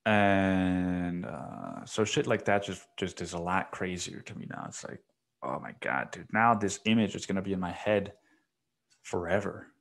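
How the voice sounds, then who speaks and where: A man's voice: sits low, unhurried, vocal fry, a bit bright. A young man hosting a solo podcast, rambling casually and with a lot of swearing, saying "dude" constantly. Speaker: podcast host.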